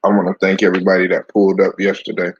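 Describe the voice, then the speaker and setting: Casting note: very low, husky male host, relaxed live-stream sports chat, muffled lo-fi sound. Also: very fast, no echo. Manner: loose, chatty, greets viewers by name.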